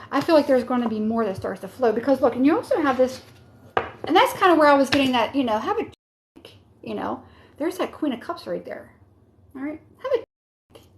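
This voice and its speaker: A woman with a high voice gives a live tarot reading. She talks casually and rambles a little, warmly urging her listeners on. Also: slight background noise. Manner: casual, encouraging, rambling with many fillers. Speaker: tarot reader.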